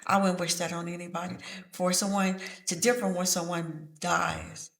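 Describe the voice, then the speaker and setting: A middle-aged grandmother, a guest giving personal testimony in a slow, halting, measured way. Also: fairly low pitch, fairly even intonation, vocal fry, a bit bright. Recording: echoey room.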